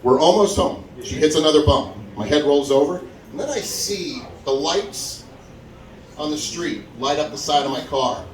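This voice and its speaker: A man telling a stand-up story at a comedy club open mic, acting out the people he quotes with big jumps in his voice. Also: moderate pace. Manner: animated, acts out quotes with big pitch jumps. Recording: echoey room, mic from far, crowd audible. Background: audience laughing.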